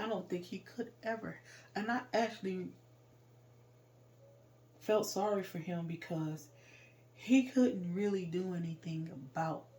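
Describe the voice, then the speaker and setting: A woman telling a painful personal story in raw, emotional, informal speech. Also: on the low side. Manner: raw and emotional, loud when reliving moments.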